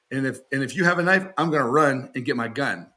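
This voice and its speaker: A man's voice: medium pitch, brisk, sharp tone. A man talking casually on a podcast as a knifemaker guest, telling joking stories and often laughing, and putting on raised voices when he quotes people.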